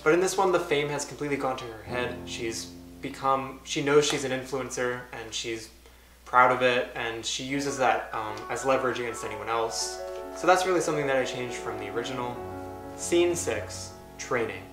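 A young man reads aloud from his childhood script and picks it apart with deadpan, self-mocking asides. His voice rings in a roomy space. Music plays clearly underneath. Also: mid-range voice, moderate pace. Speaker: YouTuber. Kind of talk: casual reading and commentary.

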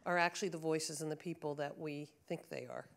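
A woman's voice: deep voice, fairly even intonation, a little fast. A woman from the audience asking a formal, polite question after a lecture. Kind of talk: question from the floor.

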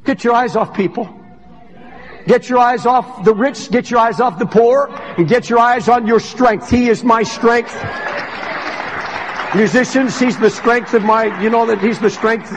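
A man preaching a sermon as pastor, impassioned and rising to shouts, recorded in a large church hall. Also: extremely high pitch, unhurried, some chatter behind. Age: older.

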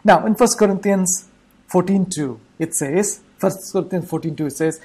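A woman delivers an online church sermon in a warm, mellow, lowish voice with a slight husky edge, captured on a low-quality recording. She repeats her key points and pauses for quick rhetorical questions to the congregation.

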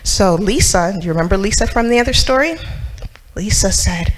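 A woman's voice: medium pitch, moderate pace, poor audio. A woman telling a story to children in church, asking them questions and acting out the characters.

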